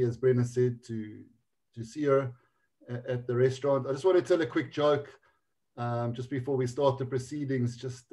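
A man's voice: mid-range voice, warm tone. Joking South African man in his forties. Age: 40s. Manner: jokey storytelling, halting restarts. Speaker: guest. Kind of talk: casual anecdote.

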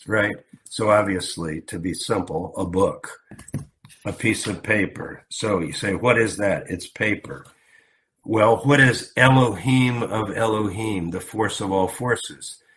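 A man's voice: fairly low pitch, fairly bright tone. A man teaching a casual Bible lesson, explaining word meanings conversationally with asides and rhetorical questions.

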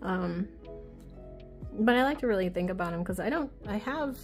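A chatty woman talks casually as she flips through a deck of cards, laughing easily and drifting off into side stories. Her voice sits at a middle pitch, and faint music plays under her talk. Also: animated, moderate pace. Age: adult with a child. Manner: chatty, giggly, self-deprecating, easily sidetracked. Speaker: oracle deck reviewer. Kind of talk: casual chat while flipping through cards.

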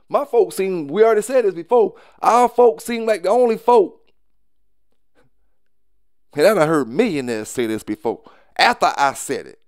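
A man's voice: a little high, clear, resonant tone, no room sound, clean studio sound. A man, talking to camera casually and bluntly, repeating himself and asking if you know what he's saying. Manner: loose, repetitive, often asks "you know what I'm saying"; blunt and preachy, with short laughs. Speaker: dog kennel owner.

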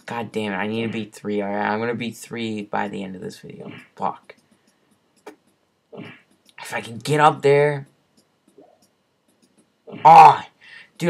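A young man hosting a gaming channel drawls through his gameplay commentary at an unhurried pace. He is foul-mouthed and exasperated, dropping from low mutters to sudden yells at the game. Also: slight background noise. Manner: profane, exasperated, swings between mutters and yells.

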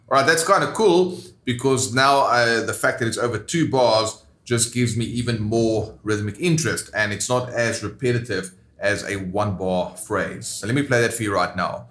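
A man's voice: fairly low pitch, moderate pace, few pauses, fairly bright tone, reverberant, a little hiss or hum. A man teaching rhythm guitar, explaining steps plainly and counting beats aloud. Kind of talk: instructional lesson.

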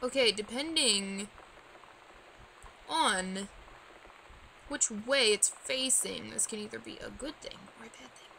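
A woman giving chatty, jumpy commentary while she plays a game, swinging from sleepy murmurs to sudden loud yelps. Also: fairly high pitch, measured pace, poor audio. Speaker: let's player. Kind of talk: gaming commentary. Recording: gameplay with clear background noise.

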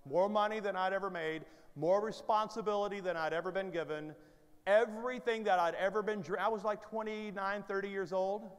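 A middle-aged man preaching a sermon as a guest, telling a story with animated, self-deprecating humor and playful asides to the congregation. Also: high voice, fairly quick, smooth. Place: large church sanctuary. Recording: long reverb of a big church hall.

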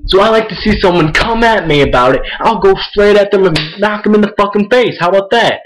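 A teenage boy vents to his own camera, his voice pitched slightly high. He swears constantly and circles back to the same complaints. He sounds agitated and combative the whole way through. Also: fairly quick, fairly bright tone, poor audio. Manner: profane, repetitive, agitated. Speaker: vlogger. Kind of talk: angry rant to camera.

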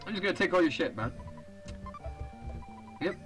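A man's voice: sits high, expressive, moderate pace, a bit bright, faint music behind, low-quality recording. A young man giving casual, profane commentary over a video game, reading its text aloud and laughing often. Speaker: let's play host.

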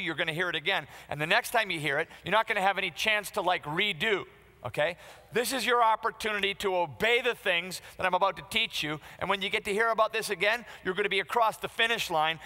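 Emphatic preacher, high gravelly voice. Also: male voice, bright, forceful tone, big-room sound. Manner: emphatic, conversational preaching with direct questions to the congregation. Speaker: pastor. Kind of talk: sermon.

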